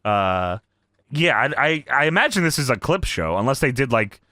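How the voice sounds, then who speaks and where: A man's voice: mid-range voice, big pitch swings, normal speed, bright, forceful tone, dry recording, clean studio sound. A man co-hosting a podcast in a loose, profane, laughing casual chat. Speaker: podcast co-host. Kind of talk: casual retro review chat.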